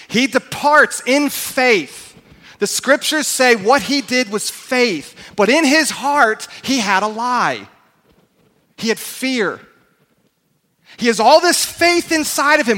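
A man pastor giving an emphatic, animated sermon in a church hall. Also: very high voice, measured pace. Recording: echoey hall.

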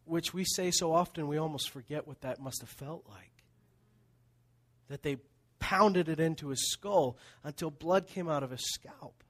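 A middle-aged male pastor preaching a sermon, animated storytelling with laughs that drops to hushed tones. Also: fairly high pitch.

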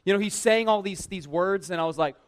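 A man who works at a church tells a personal anecdote in a lively, conversational way, full of "like" and self-mocking humor. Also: sits high, brisk. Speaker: church worker telling a personal story. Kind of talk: casual personal storytelling.

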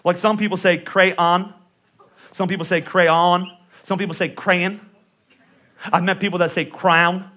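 A man's voice: high voice, steady tone, moderate pace, bright, forceful tone. A middle-aged man with a Northeastern US accent, preaching a sermon as a pastor in a casual, joking manner. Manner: conversational and joking, with playful voice impressions.

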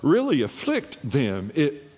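A man's voice: fairly high pitch, wildly swooping pitch, slow, darkish tone. A man preaching a sermon as the pastor, telling a childhood story and asking his congregation rhetorical questions. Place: church hall. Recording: long hall reverb.

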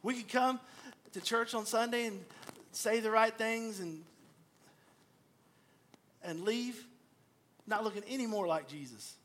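A middle-aged pastor delivers a sermon in a voice pitched higher than most men's. He tells stories in an animated way, acting out the lines of the people in them. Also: a little slow, pauses often. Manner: storytelling, animated, acts out quoted voices.

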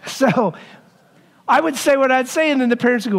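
A middle-aged man gives a sermon in a church sanctuary, talking in a relaxed, conversational way. His voice sits high for a man. He drops his pace and leans on the words when he reaches the points he wants remembered. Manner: conversational, slows down to stress key lines. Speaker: pastor.

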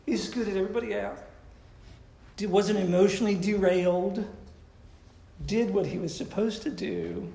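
A man delivers a sermon in a conversational, questioning way. His voice is slightly high and gravelly. The room around him is echoey. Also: lively intonation, normal speed, long pauses, warm tone. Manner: conversational preaching, asks the audience questions. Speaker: pastor.

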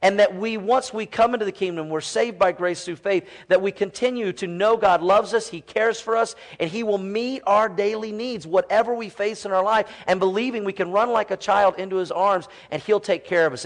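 A man in his forties, a pastor preaching a sermon in a church, animated and often quoting children's voices. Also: sits high, moderate pace, few pauses.

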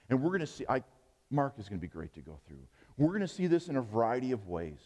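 A man's voice: on the high side, a little mellow, big-room sound. A middle-aged male pastor preaching a sermon, joking and quizzing his congregation.

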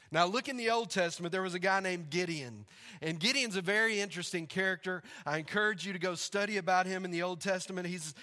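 A male pastor delivers a sermon in a chatty, storytelling way, with a high-set and bright voice. His words ring out with long reverb across a church sanctuary. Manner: conversational storytelling, laughs along.

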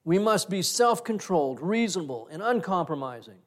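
A middle-aged man preaching a sermon, telling personal stories in an animated way and acting out the conversations in them. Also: high voice, a little fast. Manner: animated storyteller, acts out quoted exchanges with laughter. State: breathes through one side of nose. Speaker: pastor.

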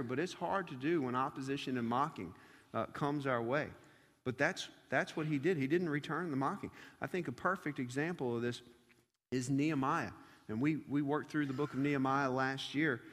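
A man's voice: mid-range voice, a bit bright, big-room sound. A man preaching a sermon to a church congregation, driving points home with repetition and rhetorical questions. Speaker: pastor. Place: church service before a congregation.

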